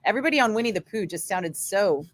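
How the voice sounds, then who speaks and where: A woman radio DJ chatting casually in her studio, answering viewer comments in an animated way with lots of fillers. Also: mid-range voice, quick pace.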